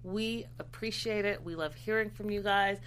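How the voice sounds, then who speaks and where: A woman's voice: medium pitch, normal speed, a bit bright. Upbeat woman co-host, faint hum. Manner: upbeat, direct to viewers. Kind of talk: casual talk show chat.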